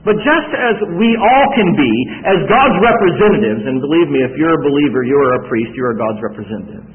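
A man's voice: fairly high pitch, very animated, fairly quick. A man with a Southern US accent preaching a sermon, telling stories animatedly with frequent restarts. The voice is echoey and tinny. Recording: echoey hall, tinny phone-like sound.

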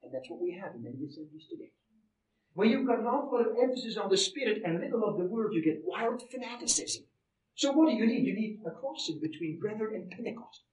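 Emphatic high-voiced male preacher, echoey. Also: very animated, fast, a little mellow, a little hiss or hum. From Canada. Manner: emphatic, rising and falling in volume. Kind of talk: sermon. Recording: roomy echo, heard from a distance.

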